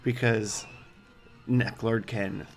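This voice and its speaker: A man's voice: fairly low pitch, fairly even intonation, drawn-out words, faint music behind. A man hosting a let's play, giving casual gameplay commentary with joking, rambling asides.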